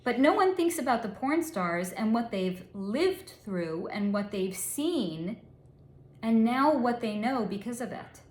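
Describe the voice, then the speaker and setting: A woman psychic passing on what she has channeled, blunt and candid, with a voice a little higher than most. She swears freely and spells out the cruder words. The recording has an echoey, roomy sound. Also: animated, unhurried. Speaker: psychic reader. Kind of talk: relaying a channeled reading.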